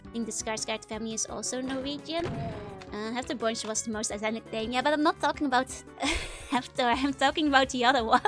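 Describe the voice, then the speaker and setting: Chatting brisky during a gaming livestream, this young woman has a Dutch accent and a fairly high pitch. She laughs often and peppers her speech with "like," with the game's music in the background.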